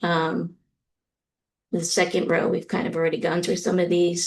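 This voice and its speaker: A woman's voice: on the low side, completely flat delivery, moderate pace, slight background noise. A middle-aged woman from the US East Coast giving a university lecture, explaining steadily with frequent ums. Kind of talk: recorded lecture.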